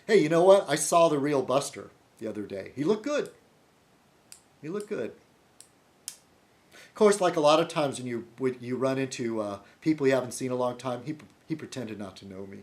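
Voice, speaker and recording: A man's voice: medium pitch, animated, brisk. A man video blogger talking through a rambling casual monologue, meandering with many restarts and frequent laughs.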